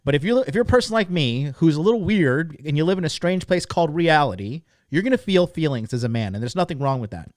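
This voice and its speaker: A man's voice: fairly high pitch, fast, few pauses, no echo, studio quality. A man in his thirties hosting a podcast, talking casually, bluntly and with lots of swearing and filler words. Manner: blunt and profane, full of "like" fillers; animated and emphatic. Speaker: podcast host. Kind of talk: casual monologue promoting a course.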